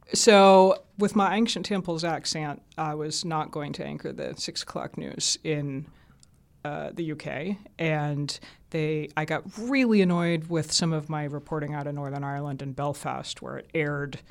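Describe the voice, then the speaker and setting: A woman's voice: deep voice, measured pace, gravelly. Woman journalist from the south, easygoing and chatty, just telling stories in an interview. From American South. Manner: chatty, relaxed anecdotal storyteller. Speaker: radio journalist guest. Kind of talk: casual interview storytelling.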